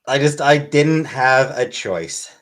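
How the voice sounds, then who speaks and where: A man chatting on a casual livestream, answering viewers' questions one by one. His delivery is dry and deadpan, but his pitch moves around a lot. He sounds offhand and wry. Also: slow. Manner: deadpan, wry, reads chat aloud. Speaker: livestream host.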